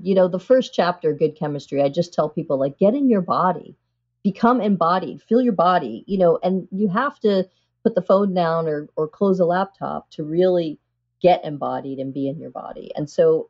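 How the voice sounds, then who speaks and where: A woman's voice: on the low side, a little mellow, breathy edge, dull audio. A woman psychiatrist, a guest on an interview show, explaining things earnestly and with animation, often saying "you know".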